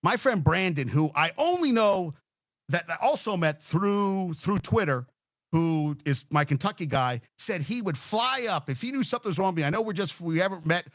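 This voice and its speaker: A man's voice: high-pitched, animated, normal speed, fairly bright tone, no room sound, muffled recording. A man hosting a casual sports talk show, rambling, swearing freely and getting emotional as he talks.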